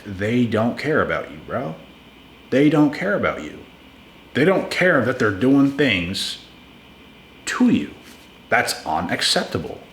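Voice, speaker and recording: A man with a fairly low voice speaks bluntly and with emphasis, hammering points home by repeating words. He addresses his listeners casually, like friends. The room is echoey, with a faint hum of ambience behind him. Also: fairly bright tone. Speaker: channel host giving relationship advice. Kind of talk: casual advice monologue.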